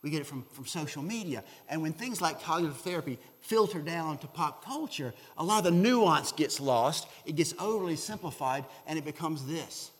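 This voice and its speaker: A man preaching in a fairly high voice, talking to his listeners in a loose, conversational way. He keeps checking in with them and grows loud and full when he quotes scripture. His voice rings out with a long echo through a large hall. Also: lively intonation, normal speed, few pauses. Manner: swells loudly on scripture quotes. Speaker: pastor. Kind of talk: sermon.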